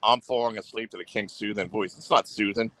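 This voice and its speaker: A man's voice: on the low side, steady tone, brisk, a bit bright. A man hosting a livestream, talking in a rambling, boastful way and repeating himself. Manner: boastful and repetitive, goes on the offensive. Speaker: livestream host.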